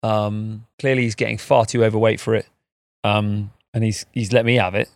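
A man hosting a podcast in casual chat, rambling and animated and laughing often, recorded outdoors in a garden. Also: on the low side, normal speed, vocal fry, dry recording, clean studio sound. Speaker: podcast host.

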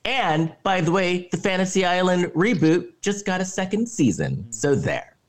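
Chatty teasing man, slightly high voice. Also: very animated, normal speed. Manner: chatty, teasing, steers the talk back on track. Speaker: podcast co-host. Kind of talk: casual chat.

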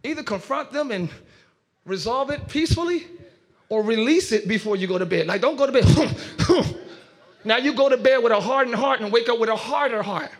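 A man preaching a sermon as pastor to a live church congregation, shouting and half-singing his points and acting out quarrels in quick voices. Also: extremely high pitch. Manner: preaching with shouts and sung rises.

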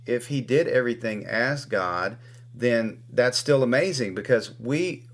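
A host of a faith talk show, teaching in a slow, measured way and affirming the guest with soft murmurs. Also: medium pitch.

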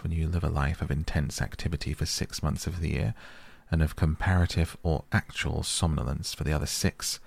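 A man narrating a storybook in a measured, steady reading. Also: extremely low pitch, gravelly.

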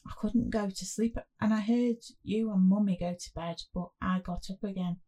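A woman's voice: medium pitch, steady tone, moderate pace, dark tone, natural voice. Woman doing a scared little five-year-old boy. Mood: frightened. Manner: small, pleading voice.

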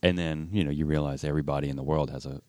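Deep-voiced wry New man. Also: steady tone, mellow, no echo, clean studio sound. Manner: quick interjecting, wry. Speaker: podcast co-host. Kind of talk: casual chat.

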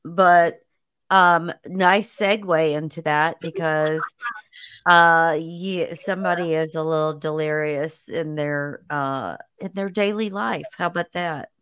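Slow-talking low-voiced woman host. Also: fairly even intonation, a bit bright, clear, resonant tone. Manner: unhurried, conversational questioning. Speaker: podcast host. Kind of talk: casual interview.

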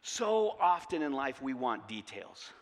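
Pastor preaching in a big echoing hall. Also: male voice, mid-range voice, unhurried. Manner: lively, repeats key phrases, asks rhetorical questions. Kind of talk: sermon. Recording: long hall reverb.

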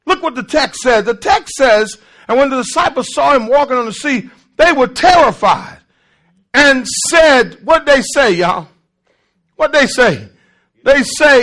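A man preaching a call-and-response sermon, emphatic and repetitive, swinging from shouts to low murmurs. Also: very animated, measured pace. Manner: repeats and restarts words for emphasis.

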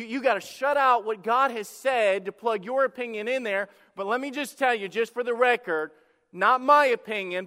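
A man preaches a sermon in a church, with a high, bright, clean-edged voice. He shifts between hushed, intimate stretches and loud, fervent bursts. Long reverb from the hall trails behind every phrase. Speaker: pastor. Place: church sanctuary.

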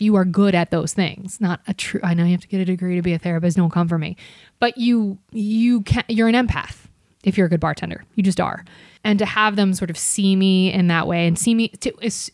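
A woman telling bartending stories as a guest in a casual podcast chat, animated, with quick asides. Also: mid-range voice, no echo, studio quality. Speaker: podcast guest, bartender and comedy club server.

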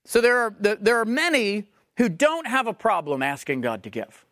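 A man's voice: high-pitched, sing-song, moderate pace, fairly bright tone, dry recording, studio quality. A man preaching a sermon, emphatic and questioning, repeating phrases for stress. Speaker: pastor.

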